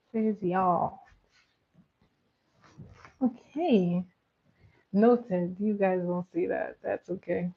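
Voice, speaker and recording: A woman hosts a relaxed live stream and answers her viewers' comments, laughing often. She talks slowly in a husky voice. The sound is thin and tinny, like a phone call. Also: mid-range voice. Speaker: livestream host. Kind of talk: casual live-stream chat.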